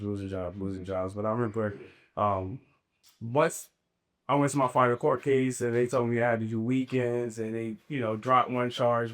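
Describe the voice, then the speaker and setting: Man, podcast co-host, relaxed candid storytelling, casual slang, mid-range voice. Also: mid-range voice. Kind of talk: casual conversation.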